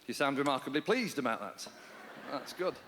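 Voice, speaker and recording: A man doing stand-up comedy live on stage, telling stories in a dry, deadpan way with bursts of mock panic. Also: mid-range voice, moderate pace, noisy background. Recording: hall reverb with guitar music.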